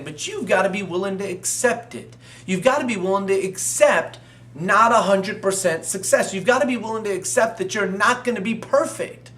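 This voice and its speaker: Speaking as a motivational business coach, a man with a high-sitting voice and sharp tone talks to camera. He urges the listener on with emphatic, repetitive, fervent exhortation, his voice distant in an echoey room.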